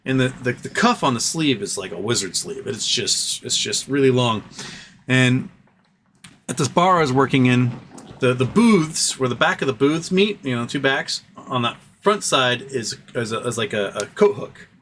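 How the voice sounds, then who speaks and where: A man hosts a casual live stream from a room at home, rambling through stories with plenty of fillers and side tangents. His voice is bright and forward, and a faint hiss of noise sits behind it. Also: medium pitch, normal speed. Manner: rambling, animated storyteller with frequent fillers and asides.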